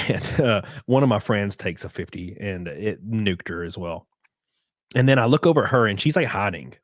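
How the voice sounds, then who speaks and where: A young man in casual podcast chat, rambling through a story with lots of likes and restarts and sudden bursts of excitement. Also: on the low side, no echo, clean studio sound. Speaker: podcast guest.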